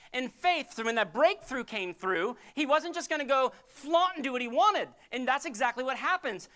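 A woman preaching a sermon in an animated, conversational way, with touches of humor. Her fairly high voice swings widely in pitch as she tells the story. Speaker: pastor.

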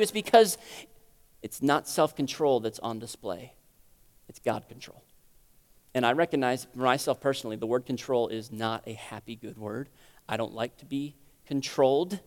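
A man preaching a sermon in a conversational teaching style, asking rhetorical questions and swinging between loud emphasis and quiet lows, heard with long hall reverb in a church sanctuary. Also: lively intonation, moderate pace.

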